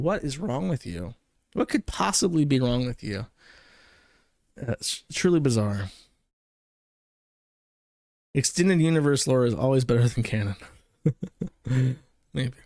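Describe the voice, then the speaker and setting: A man's voice: mid-range voice, darkish tone, dry recording, clean studio sound. A man hosting an online commentary show, talking in a mocking, rambling way. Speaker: host. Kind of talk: casual commentary chat.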